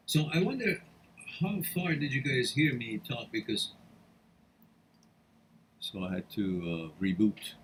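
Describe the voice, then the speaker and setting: A man's voice: mid-range voice, slow pace, pauses often, a little hiss or hum. A man hosting a live-stream question-and-answer session, frank and blunt, swearing casually and laughing often between answers. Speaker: host answering viewer questions.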